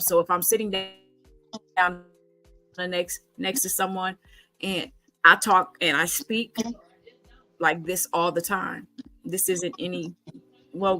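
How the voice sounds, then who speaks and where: A middle-aged woman hosts a casual conversation, her voice bright and forceful. She talks emphatically, pressing with rhetorical questions and pausing on frequent ums and restarts. Soft music sits faintly behind her. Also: fairly low pitch, rough recording. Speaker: podcast host.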